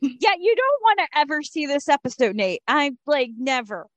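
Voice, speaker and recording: A woman co-hosting a casual podcast, talking in an animated, emphatic way. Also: high voice, normal speed, no room sound. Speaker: podcast co-host.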